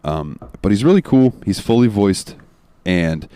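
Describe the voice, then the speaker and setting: A man hosting a gaming podcast, talking in a relaxed, rambling way with fillers and the odd swear word. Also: on the low side, measured pace, clean tone, no echo. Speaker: podcast host. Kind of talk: casual chat.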